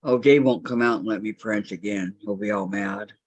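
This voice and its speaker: A woman's voice: very deep voice, normal speed, darkish tone, no echo. Chatty woman hosting on lo-fi audio. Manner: chatty, laughs often, reads chat aloud. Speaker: quilting live-stream host. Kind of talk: casual chat reading viewer comments. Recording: muffled lo-fi dry audio.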